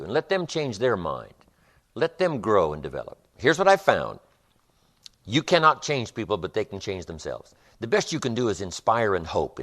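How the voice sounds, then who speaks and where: A lower-pitched man lecturing at a live seminar, with a voice that swoops up and down as he stresses points. He drives ideas home through rhythmic repetition and weaves in fables as a motivational speaker. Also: fairly bright tone. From United States. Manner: emphatic, rhythmic repetitions, storytelling.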